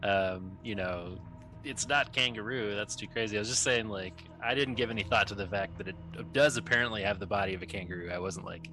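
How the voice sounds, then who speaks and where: Man, podcast host, low voice, bright tone, relaxed quiz-reading, joking. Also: fairly quick, faint music behind. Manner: relaxed, joking, reads trivia aloud. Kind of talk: casual podcast chat.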